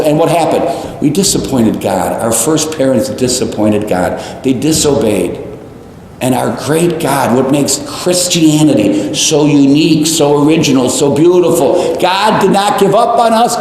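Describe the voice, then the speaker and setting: A male priest preaching a homily, animated and repeating phrases for emphasis, with jokes and tangents. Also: on the high side, slight background noise. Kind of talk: sermon. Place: large church. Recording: echoey church, long reverb.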